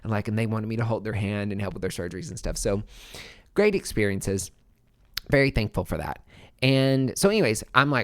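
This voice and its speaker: A man hosting a podcast, telling his own story in a candid, animated, profane monologue full of fillers. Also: medium pitch, normal speed, smooth. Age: adult, former nurse.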